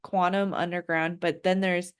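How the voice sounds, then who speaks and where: A woman co-hosting a podcast in casual chat, relaxed and laughing often. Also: on the low side, normal speed, smooth. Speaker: podcast co-host.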